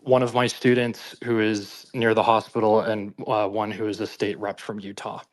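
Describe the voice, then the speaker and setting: A man's voice: fairly low pitch, level tone, moderate pace. A man who chairs a student group, giving careful, factual updates with some hesitation in a live audio room.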